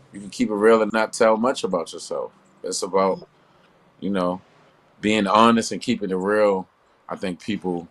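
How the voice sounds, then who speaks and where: A middle-aged male R&B singer in a relaxed, repetitive interview chat, laughing as he talks. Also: low-pitched. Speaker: R&B singer guest.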